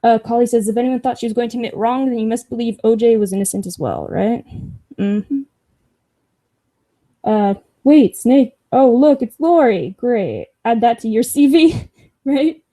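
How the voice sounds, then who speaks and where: A woman's voice: a little high, normal speed, dark tone. A young woman hosting a casual livestream, reading chat comments aloud with sarcastic, profane asides and frequent laughs.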